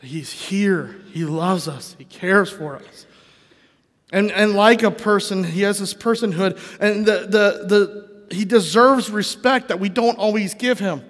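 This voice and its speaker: A pastor preaches a sermon in a casual, conversational way, often putting questions to the congregation. His voice sits high, unhurried and fairly bright, with the long reverb of a large hall.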